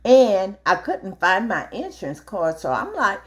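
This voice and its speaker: A middle-aged woman telling a story casually while cooking, acting out the dialogue with big jumps in her voice. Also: measured pace. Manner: animated, acts out dialogue with big pitch jumps. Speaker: vlogger.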